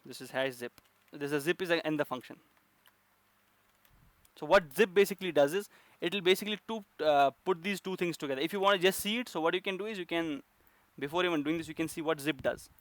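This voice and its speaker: A man's voice: a little high, fast, no echo. A man teaching a coding lesson, explaining step by step with frequent fillers and restarts. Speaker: programming instructor.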